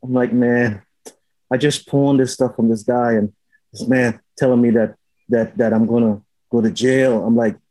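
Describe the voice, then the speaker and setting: A man in casual chat, telling a story in an animated way and acting out the lines of the people in it. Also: medium pitch, moderate pace, no room sound, low-quality recording. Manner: animated storytelling, acts out quotes with swearing.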